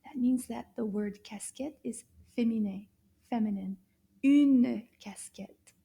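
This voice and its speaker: Slightly high-voiced woman, kids' French teacher, slow and warm, exaggerated delight. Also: fairly even intonation, vocal fry. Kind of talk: children's language lesson.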